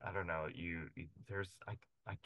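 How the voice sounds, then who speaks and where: A man interviewing an actress, halting and searching for his words with many fillers. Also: low voice, fairly even intonation, no echo, dull audio. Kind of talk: casual interview chat.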